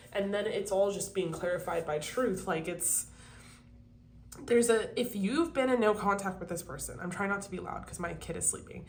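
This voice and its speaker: Speaking in a lowish but slightly bright voice, a young tarot reader chats to viewers and curses freely during a relaxed reading at home, sniffling with allergies. She stays quiet for a sleeping child, with some slight background noise.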